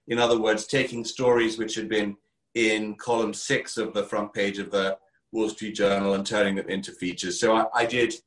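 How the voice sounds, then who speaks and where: A middle-aged man with an English accent from Kent tells his story in a clear, articulate way. His voice sits fairly low. The audio has a noticeable roomy echo. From England. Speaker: podcast guest, entrepreneur. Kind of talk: conversational interview.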